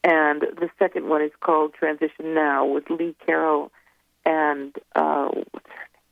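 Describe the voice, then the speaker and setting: A woman's voice: sits low, flat delivery, measured pace, creaky, no room sound. A woman guest author speaking casually in an interview, rambling and hesitant as she recalls things. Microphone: telephone. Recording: tinny phone line.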